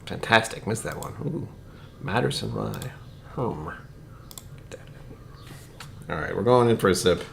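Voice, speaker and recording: A man's voice: lowish voice, animated, unhurried, creaky, long pauses, noisy background. A man streaming a casual whiskey tasting, rambling to his viewers and muttering asides that sink to near-whispers. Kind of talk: casual livestream chat.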